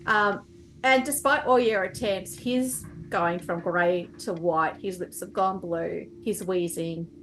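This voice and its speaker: A woman running a tabletop game as game master, narrating with lively reactions and laughter. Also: lowish voice, slow.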